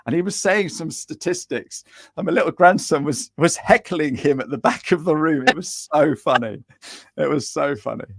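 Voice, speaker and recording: Cheeky animated man, dry sound. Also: a little high, normal speed, creaky, husky, no room sound. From England. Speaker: guest, business coach. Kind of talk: casual chat on a podcast.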